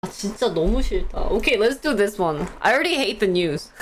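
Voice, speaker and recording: A woman's voice: medium pitch, slight background noise. A young woman hosting a live stream, chatting casually and giggling as she reads stock news and answers the chat.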